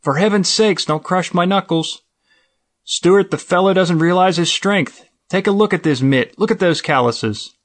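A man doing a loud, excitable office man. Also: sits high, moderate pace, pitched above the performer's own voice, lightly acted. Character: excitable male office worker.

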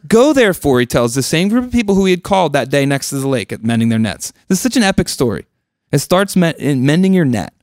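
Male Bible study teacher, chatty and joking, medium pitch, dry close sound. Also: creaky, darkish tone, no room sound. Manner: conversational, joking asides, questions to the group.

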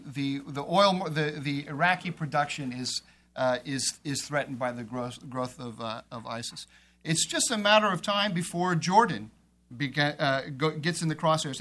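A man's voice: a little high, animated, moderate pace, pushed and bright. A man on a policy panel, arguing emphatically and repeating phrases as he builds his point.

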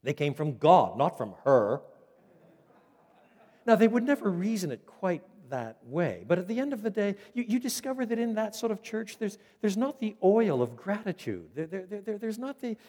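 A lively, fairly high-voiced man preaches with big swings in pitch, often tripping over repeated words as he drives his point home. His voice carries through a reverberant hall. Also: fairly quick, hardly any pauses. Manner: animated, repeats words when emphatic. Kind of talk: expository sermon. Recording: echoey hall.

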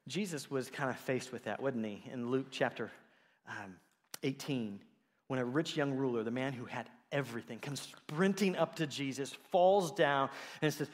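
A man preaching a sermon in a conversational, animated way, acting out the voices he quotes. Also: medium pitch, normal speed. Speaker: pastor. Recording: long hall reverb.

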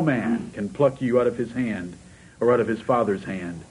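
A man's voice: on the low side, moderate pace, darkish tone, husky, rough recording. A man preaching a sermon, asking the congregation question after question and rising to fervent emphasis.

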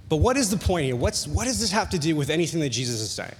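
A male pastor preaching a sermon, telling a personal story with animated jokey asides and bursts of excitement. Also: on the high side, quick pace, few pauses, a little hiss or hum. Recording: long hall reverb.

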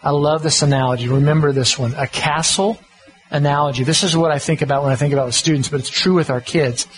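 A man's voice: fairly high pitch, steady tone, fast, low-quality recording. A middle-aged man, giving a folksy, conversational sermon on parenting as a pastor. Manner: folksy, conversational, self-deprecating.

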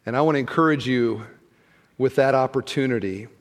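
A man preaching a sermon as pastor, telling a story with lively acted-out exchanges before an earnest appeal to fathers. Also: medium pitch, brisk, big-room sound. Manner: animated storyteller who acts out the people in the story. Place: large church auditorium.

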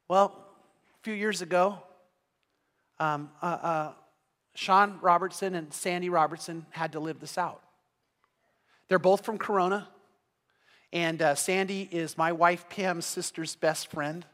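A man's voice: high-pitched, fairly even intonation, moderate pace, fairly bright tone. A middle-aged male pastor preaching a sermon, telling stories earnestly and often repeating words as he starts a sentence. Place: church hall. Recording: long hall reverb.

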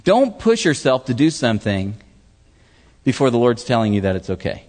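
Lively preaching man in a reverberant hall. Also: mid-range voice, moderate pace. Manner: animated preaching with questions to the audience, acts out voices. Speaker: pastor. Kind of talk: sermon.

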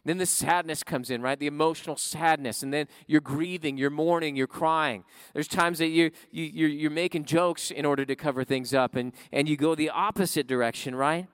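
A man preaching a sermon in a conversational way, often checking in with his listeners with a quick "right?". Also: a little high, fairly even intonation, fairly bright tone, smooth, dry recording, studio quality. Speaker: pastor.

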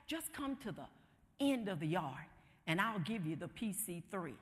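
A woman voicing a menacing male kidnapper who coaxes a child in a hushed voice, heard in a hall with long reverb. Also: on the low side, very animated, normal speed, voice pushed down. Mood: coaxing.

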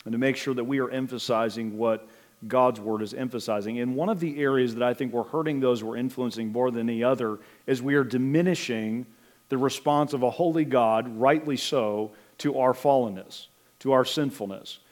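Middle-aged man, pastor, sermon, earnest, measured, some hesitant fillers, mid-pitched voice. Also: darkish tone.

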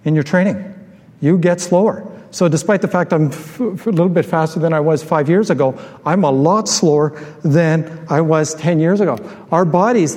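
A man's voice: high voice, darkish tone. Middle-aged guy preaching in church, lots of ums and restarts, asks the crowd stuff, big echoey room. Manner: conversational, many fillers and restarts, asks the crowd questions. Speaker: pastor. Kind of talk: sermon. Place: church hall. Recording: live church hall with long reverb.

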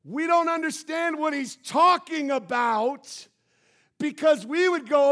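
High-voiced pastor preaching a sermon. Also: male voice, takes it slowly. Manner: preaching with sudden shouted emphasis. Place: church sanctuary.

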